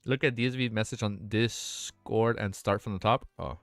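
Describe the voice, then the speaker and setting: A man's voice: lowish voice, steady tone, moderate pace, no echo. A young man hosts a late-night livestream, gushing and swearing as he reacts to artwork. His voice sounds tired and worn out. The sound is dry and close, with faint music playing behind him. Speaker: livestream host.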